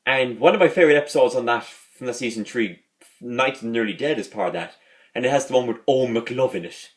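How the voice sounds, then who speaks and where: A man with a medium-pitched voice talks fast while hosting a casual vlog reviewing a sitcom. He rambles, repeats words, and keeps restarting his sentences.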